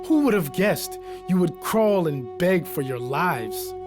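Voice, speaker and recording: Man doing a proud warrior king, scornful, commanding, raised pitch, music behind, audiobook epic. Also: animated, takes it slowly. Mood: contemptuous. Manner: commanding, scornful, shouting out challenges. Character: fierce triumphant Zulu king, adult man.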